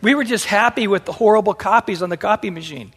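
A middle-aged man preaching a sermon in an animated way, acting out the voices he quotes. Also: high-pitched, fast talker, slightly rough. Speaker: pastor. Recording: long hall reverb.

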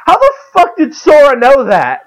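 A man co-hosting a casual gaming chat, excitable, swearing freely and laughing often. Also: extremely high pitch, moderate pace, rough recording. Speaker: podcast co-host.

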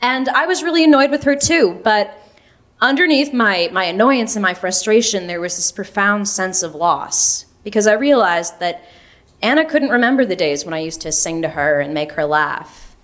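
A woman's voice: mid-range voice, animated, moderate pace, a bit bright. A young woman telling a personal story, wry and self-mocking, laughing through some lines. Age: young adult.

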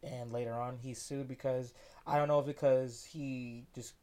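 A man's voice: medium pitch, level tone, moderate pace, dark tone. A man co-hosting a casual podcast chat, earnest and argumentative, often restarting his sentences. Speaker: podcast co-host.

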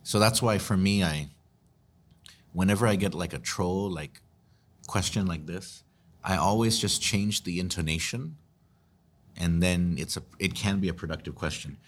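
A man's voice: deep voice, moderate pace, long pauses. A man, hosting and answering listener questions in an earnest, chatty way. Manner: earnest, explanatory, chatty with restarts. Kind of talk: casual commentary.

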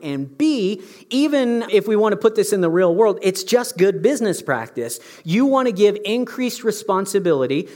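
A man's voice: high voice, a little mellow. A male pastor giving a conversational, emphatic sermon, often checking in with his listeners. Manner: conversational, emphatic, asks the audience questions.

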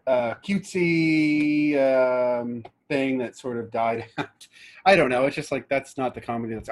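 A young adult man co-hosting a podcast, chatting casually and rambling with lots of fillers and restarts. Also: medium pitch. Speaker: podcast co-host. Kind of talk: casual chat.

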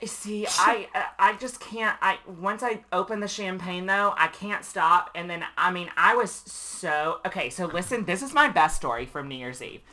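Man co-host, bright voice, animated and self-deprecating storyteller. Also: sits high, moderate pace, few pauses. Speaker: podcast co-host. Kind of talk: casual chat.

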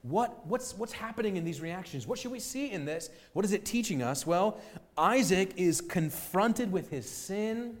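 Male pastor preaching a sermon, emphatic and earnest, voice a little higher than average. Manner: earnest, emphatic, acts out quotes.

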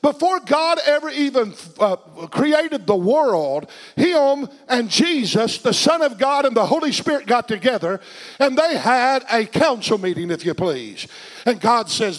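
High-voiced impassioned male preacher. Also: lively intonation, a little slow. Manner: impassioned preaching, swinging from shouts to hushed tones. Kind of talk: sermon.

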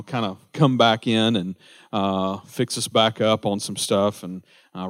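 A pastor talks to his congregation in a somewhat low voice. He rambles casually, trailing off and restarting his sentences as he goes. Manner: rambling, lots of uh fillers and restarts. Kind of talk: informal church announcements.

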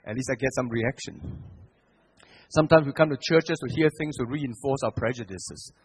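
A middle-aged man from Singapore, preaching as a guest speaker. His storytelling is animated, swinging from hushed to loud, and he often restarts his phrases. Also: mid-range voice, normal speed, slightly rough. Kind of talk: sermon.

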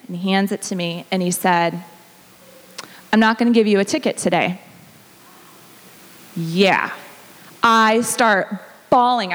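A woman in her thirties giving a conversational sermon testimony in a church, telling a story with frequent laughter. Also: mid-range voice. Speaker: church speaker. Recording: long reverb of a large hall.

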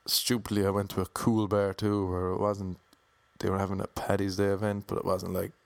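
A man in his thirties with a Cork Irish accent, telling a self-mocking comic story in a flat, monotone delivery. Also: low voice, brisk, vocal fry, no room sound. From Ireland. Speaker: comedian and DJ. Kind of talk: storytelling monologue.

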